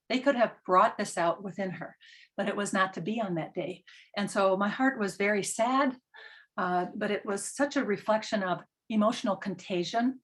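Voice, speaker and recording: A middle-aged woman giving an earnest parenting talk, telling stories with frequent ums. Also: mid-range voice. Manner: earnest, storytelling with filler ums. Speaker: parenting educator. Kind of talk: presentation talk.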